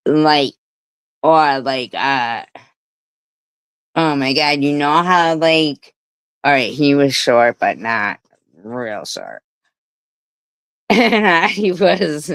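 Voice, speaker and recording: A woman's voice: low-pitched, big pitch swings, extremely slow, long pauses, smooth, no room sound, low-quality recording. A middle-aged woman hosting a live stream, telling a rambling story with swearing and laughs. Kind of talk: casual live stream chat.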